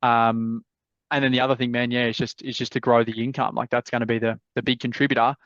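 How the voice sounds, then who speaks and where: A laid-back Australian man hands out blunt property advice over a video call, swearing freely and keeping it casual. His voice sits at a middle pitch. The audio comes through muffled and dull, with a dry, close sound. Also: little pitch movement, fast talker, a bit bright, dry recording. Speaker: property advisor hosting live mentorship calls.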